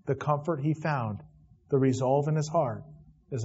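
Preacher reading scripture, muffled sound. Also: male voice, mid-range voice, moderate pace, a little mellow, breathy edge. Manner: reads scripture aloud, then comments in plain asides. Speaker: pastor. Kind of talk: expository sermon.

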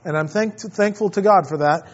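Pastor guy w a really high voice, chatty sermon, muffled lo-fi sound. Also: normal speed. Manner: conversational, anecdotal, with restarts.

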